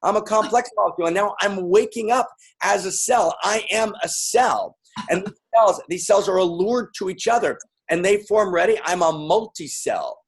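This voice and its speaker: A man addresses a live audience at normal speed in a high, husky voice, keeping things playful. He repeats lines and calls out to the crowd interactively.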